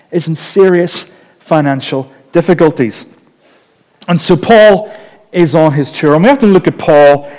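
A man preaching a sermon in a lively, joking, conversational way. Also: on the high side. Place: church. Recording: long reverb of a large hall.

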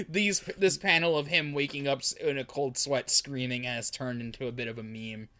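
A man's voice: mid-range voice, normal speed, bright, forceful tone, slight background noise. A man co-hosting a casual podcast, amused and emphatic, laughing often as he talks about comic panels. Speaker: podcast co-host. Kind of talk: casual chat recapping a manga.

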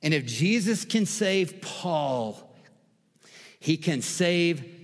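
A man's voice: on the high side, lively intonation, extremely slow, big-room sound. A man preaching a sermon as pastor, emphatic and repetitive, building intensity through lists of words.

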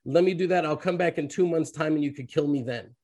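Here is a man playing a desperate traveler in a spoken parable, a man whose voice climbs high and urgent as he pleads. He rushes his words, frantic and breathless with worry for his friend. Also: a little mellow. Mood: pleading.

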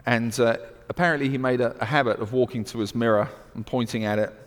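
Man, British accent, sermon, emphatic then hushed, middle pitch, long hall reverb. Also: fairly even intonation, quick pace. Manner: builds to loud emphatic declarations, then drops to hushed storytelling. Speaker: preacher.

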